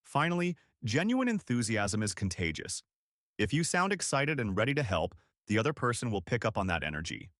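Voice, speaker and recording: A man giving scripted instructional narration in a clear, deliberate coaching manner. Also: medium pitch, big pitch swings, a bit bright, no echo, clean studio sound.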